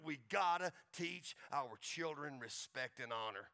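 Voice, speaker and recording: A man with a Texas accent preaching a folksy sermon as pastor, building to excited crescendos and closing in prayer. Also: on the high side, unhurried, creaky, hardly any pauses.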